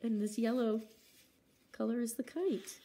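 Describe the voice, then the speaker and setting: A woman's voice: medium pitch, animated, slow pace, mellow. A woman librarian reading picture books aloud at children's story time, acting out sound words and stopping to ask the children questions.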